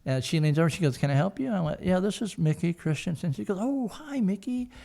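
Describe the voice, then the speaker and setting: An older man tells a story at an easy, rambling pace, full of ums and restarts. His voice sits a bit higher than most men's. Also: quick pace, gravelly, warm tone. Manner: rambling anecdotal storytelling with many fillers. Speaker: guest, son of the founders. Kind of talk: storytelling interview.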